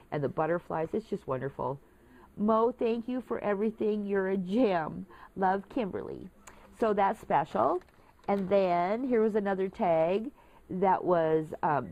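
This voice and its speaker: In a casual show-and-tell vlog, a woman with a mid-range, slightly mellow voice shows off craft supplies to her viewers. She comes across as chatty and gushing.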